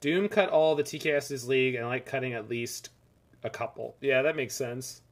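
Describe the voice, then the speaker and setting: A man's voice: medium pitch, moderate pace. Chatty man commenting on a game. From Canada. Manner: rambling, chatty asides between plays. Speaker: streamer. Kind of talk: casual gameplay commentary.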